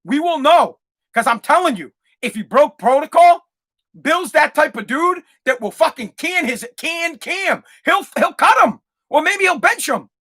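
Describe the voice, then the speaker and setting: A fired-up man rants through a solo sports podcast. His voice is bright and edgy, and he swears freely and trips over his own restarts as he talks. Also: extremely high pitch, expressive, unhurried. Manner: fired-up, swearing, repeats himself. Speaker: podcast host.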